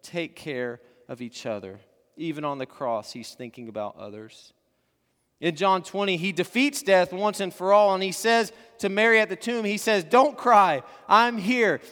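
Preacher, male, fairly high voice, fervent builds with hushed drops; church hall reverb. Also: normal speed. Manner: rising to fervent emphasis, then dropping to soft hushed endings. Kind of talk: sermon.

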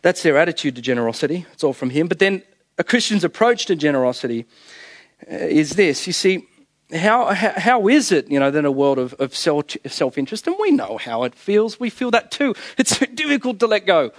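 A man's voice: a little high, sing-song, a little fast, dry recording, clean studio sound. A man with an Australian accent preaching a sermon as pastor, telling stories with humor, chuckling at his own jokes and firing off rhetorical questions.

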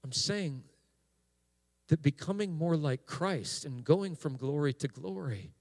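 Pastor guy preaching slow, bit high voice, stumbles then gets fired up. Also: lively intonation, darkish tone. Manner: slow, halting delivery with restarts, rising to impassioned preaching. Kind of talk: sermon.

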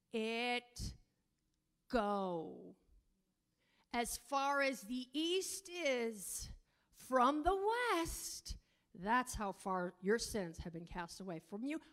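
A woman teaching a sermon on God as father, preaching emphatically and drawing out key words slowly, sometimes breaking into tongues. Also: sits high. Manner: emphatic preaching, rising to near-shouting; speaks in tongues at times. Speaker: prayer teacher.

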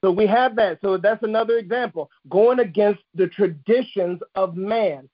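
A man's voice: high-pitched, moderate pace, lo-fi sound. A man preaching a sermon, emphatic and repetitive, driving points home with restated phrases. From United States.

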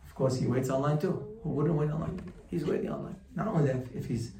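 A man's voice: fairly high pitch, quick pace. Distant man telling a sermon story. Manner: animated, emphatic, acts out story dialogue. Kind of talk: storytelling sermon to a live group. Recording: roomy room from far off, faint ambience.

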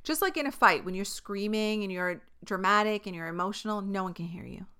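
A woman's voice: medium pitch, a little fast, pushed and bright, smooth. A woman hosting her own podcast in casual solo chat, talking into a podcast microphone, swearing freely and laughing often. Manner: chatty, profane, laughs often. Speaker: podcast host. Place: filming herself on camera.

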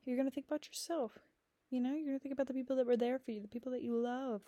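Young woman, higher pitch, rambling, filler-heavy, candid, swears bluntly. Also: steady tone, racing, mellow, no echo, muffled recording. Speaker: podcast host. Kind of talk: candid casual monologue.

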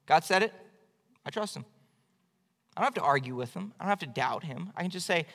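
A man's voice: a little high, lively intonation, fairly quick, pauses often, a bit bright. A male pastor preaching an evening church sermon in a conversational, emphatic way. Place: church sanctuary. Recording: long hall reverb.

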